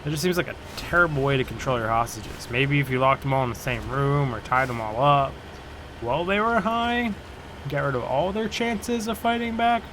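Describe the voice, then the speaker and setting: Yawning and worn out, this man gives loose, rambling commentary while he plays a video game, cursing and cracking jokes at the action. He has a medium-pitched, expressive voice at a moderate pace, with background noise behind him.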